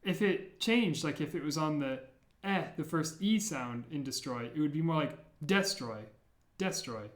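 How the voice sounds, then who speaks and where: A man teaching a beginner language lesson, patiently repeating each sound slowly for learners. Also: fairly high pitch, animated, echoey room.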